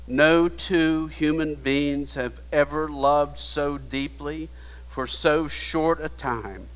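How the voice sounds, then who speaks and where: Slow-preaching man in a reverberant hall. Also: fairly high pitch, fairly even intonation. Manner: slow, hushed retelling rising to emphatic preaching. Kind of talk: sermon storytelling.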